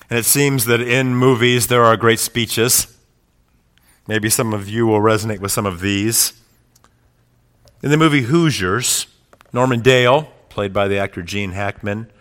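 A man preaching a sermon who swells into loud, rousing passages and then drops to quiet, reflective asides. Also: lowish voice. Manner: builds to loud climaxes quoting speeches. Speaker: pastor.

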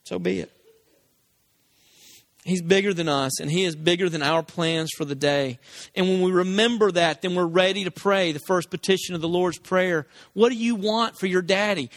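A man preaching a sermon, telling stories and acting out voices with big pitch swings. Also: a bit bright, no room sound.

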